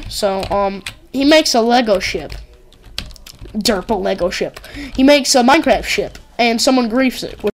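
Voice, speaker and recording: A woman's voice: on the high side, slight background noise. A woman hosting a casual game commentary, rambling and giggling with lots of "like" and "um". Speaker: gaming channel host. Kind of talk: casual let's-play commentary.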